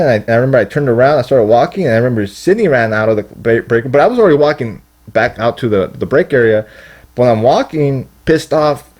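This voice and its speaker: A man's voice: medium pitch, animated, fast talker, a little mellow. A young man telling a long story in casual podcast chat, rambling and profane, acting out what people said. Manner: rambling, profane, acts out quotes. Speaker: podcast guest.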